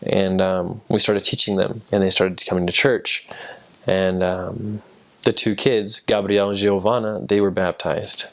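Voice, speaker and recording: This is a returned missionary, a young American man, telling casual stories in a rambling way with many fillers and restarts. His low voice is a bit bright, with a flat delivery and a slightly slow pace.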